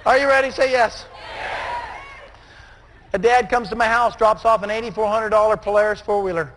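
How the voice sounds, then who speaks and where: A man with a strikingly high voice delivers a motivational speech, urging his audience to answer him back. He often breaks into shouts. A faint room hum sits behind him. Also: steady tone, moderate pace, some chatter behind. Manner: call-and-response, often shouting. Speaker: motivational speaker.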